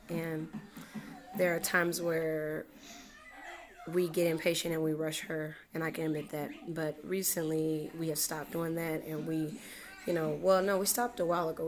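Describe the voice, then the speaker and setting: A young woman in a casual home parenting vlog, chatty and full of "you know". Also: sits low. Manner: chatty, repeats phrases, says "you know" often. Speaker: mother vlogger. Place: at home indoors.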